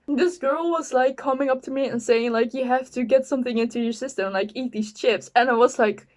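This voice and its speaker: A woman's voice: high voice, normal speed. A nineteen-year-old woman telling a casual storytime, giggling often and saying "like" constantly. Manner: giggly, animated, heavy use of "like". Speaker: vlogger.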